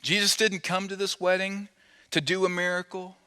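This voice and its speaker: Male pastor, conversational sermon, fairly high voice, long reverb of a large hall. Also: level tone, normal speed, bright, forceful tone, clear, resonant tone. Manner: conversational and playful, acting out quotes.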